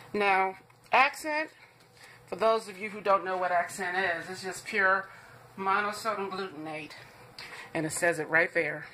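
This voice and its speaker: A woman hosts a home cooking demonstration from her kitchen, chatty and reassuring as she talks straight to her viewers. Her voice sits a little low but comes across bright and forceful. A faint hiss of background noise runs under the recording. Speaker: cooking show host.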